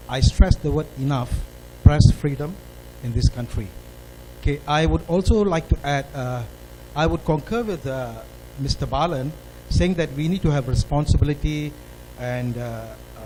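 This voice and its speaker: A man with a Malaysian English accent stands at a forum microphone and pushes his questions with earnest emphasis. His voice sits a little higher than most men's. Faint room noise hums behind him. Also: warm tone, poor audio. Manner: earnest, emphatic, rising to stress points. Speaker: audience member asking a question.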